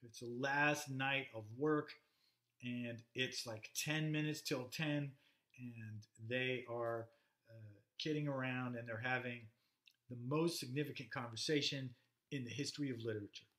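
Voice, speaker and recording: A man's voice: medium pitch, fairly even intonation, fairly bright tone. Man lecturing in an echoey room. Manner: conversational, halting, filler-heavy, reads passages aloud. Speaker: literature lecturer. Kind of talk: recorded classroom lecture.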